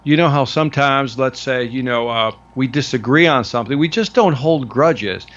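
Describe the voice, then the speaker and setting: Man, sales trainer guest, mid-pitched voice, relaxed chat, muffled lo-fi sound. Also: normal speed. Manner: relaxed, says "man" and "brother". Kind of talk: casual interview chat.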